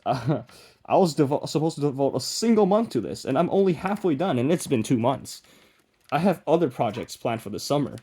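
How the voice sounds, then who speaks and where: Working away on a project, a young man rambles to camera in a mid-range, dark-toned voice. The vlogger mumbles, makes self-deprecating remarks, and keeps trailing off and restarting.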